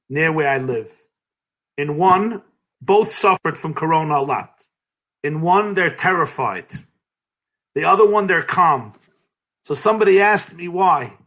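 A rabbi being interviewed, telling stories in a lively, emphatic way, sometimes breaking into shouts, with light laughs between phrases. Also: male voice, fairly high pitch. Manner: lively, emphatic, bursts into shouting and chanted cries. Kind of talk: animated storytelling in an interview.

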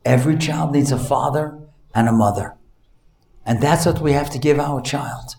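A man's voice: moderate pace, gravelly, slight background noise. Man telling stories in an echoey room. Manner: animated storytelling, voices the child in a high pitch. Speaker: speaker telling stories to an audience. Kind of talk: storytelling talk.

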